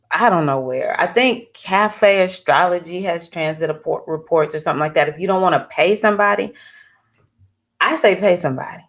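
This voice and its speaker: Lady astrologer vlogging, chatty and excitable, kinda low voice. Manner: chatty and animated, with bursts of excitement. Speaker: astrologer giving readings. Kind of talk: casual talking-head vlog.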